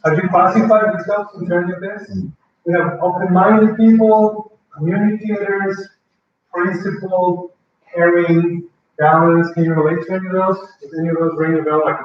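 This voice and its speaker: A man's voice: sits high, steady tone, normal speed, slight background noise. A man presenting a language-learning workshop to a live audience, talking conversationally and often asking the audience questions. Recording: echoey, dull, mic far away.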